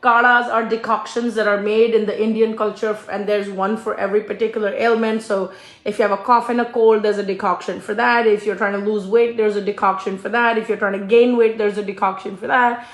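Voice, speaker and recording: A woman's voice: mid-range voice, level tone, a little fast, echoey room. A middle-aged woman telling a story in a chatty cooking vlog, laughing often and mimicking voices. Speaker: cooking channel host and small shop owner.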